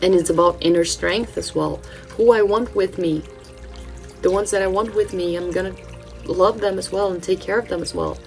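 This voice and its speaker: A lowish, gravelly-voiced woman from Brazil, a native Portuguese speaker, talks in English with a mixed British and Californian accent. She chats through an oracle card reading in a loose, digressive way, full of ums and restarts, with faint music behind her. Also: moderate pace, low-quality recording. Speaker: channel host, spiritual card reader.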